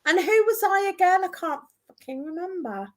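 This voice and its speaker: A woman guesting on a casual stream chat, loud and crude, joking and shouting. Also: very high voice, lively intonation, normal speed, crowd noise.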